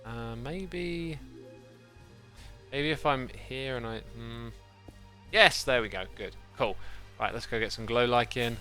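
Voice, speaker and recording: A man chats to his livestream audience while playing, thinking aloud and drifting off on tangents. His voice has a bright, forward edge, and soft music plays quietly behind him. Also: medium pitch, takes it slowly, pauses often. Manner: rambling, thinks aloud, thanks chat. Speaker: game streamer. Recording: faint background music.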